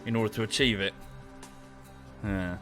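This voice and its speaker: A man's voice: lowish voice, steady tone, normal speed, a bit bright. A man giving casual, dry, self-deprecating commentary while livestreaming a game, often muttering to himself. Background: game music.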